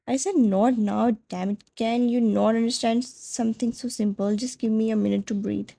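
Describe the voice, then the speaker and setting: A clipped, short-tempered young husband, as a woman reads him out in a storybook-style narration, his lines sharp and direct. The voice sounds low and mellow, with a gravelly edge running through it. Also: moderate pace. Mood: angry.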